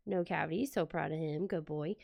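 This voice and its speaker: A woman's voice: low-pitched, a little fast, creaky, darkish tone, no room sound, studio quality. A woman chatting casually as she decorates a planner, telling a story and acting out the quotes. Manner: chatty, many "like" fillers, acts out quotes. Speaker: planner vlogger. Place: home, indoors.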